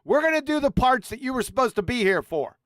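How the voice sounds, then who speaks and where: An older man hosts a rowdy live stream, brash and bossy, trading insults freely. His pitch swings widely as he scolds his guests, and the sound is dry and close. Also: very animated, fast talker, fairly bright tone, no echo. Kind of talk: heated live stream banter.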